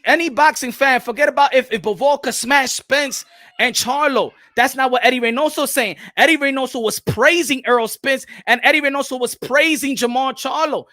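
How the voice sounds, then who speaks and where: A man hosting a boxing channel, giving animated livestream commentary, switching between English and Spanish and repeating phrases for emphasis. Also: extremely high pitch, dry recording, clean studio sound.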